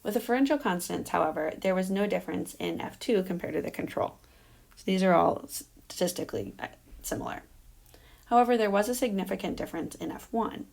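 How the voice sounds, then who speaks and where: A woman presenting her dissertation defense in a measured, explanatory academic style, walking through results on slides with an occasional um. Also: medium pitch, lively intonation, creaky, a little mellow.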